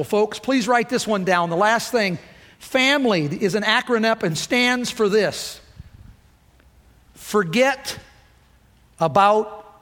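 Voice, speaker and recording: A man's voice: high voice, fairly bright tone. A middle-aged man preaching a sermon with emphatic, rousing call-and-response delivery. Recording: long hall reverb.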